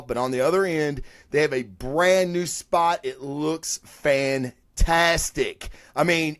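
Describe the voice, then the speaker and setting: A man's voice: fairly high pitch, no echo, studio quality. A man hosting a weekly live review show, talking casually in a rambling, profane way with lots of fillers and restarts. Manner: rambling, chatty and profane, with frequent fillers and self-corrections. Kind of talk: casual live-stream talk.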